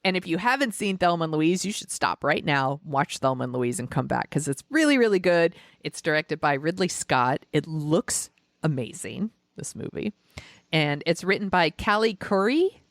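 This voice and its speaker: A woman hosting a podcast in casual, animated chat, joking and swearing freely. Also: low voice, normal speed, no room sound, clean studio sound. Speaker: podcast host.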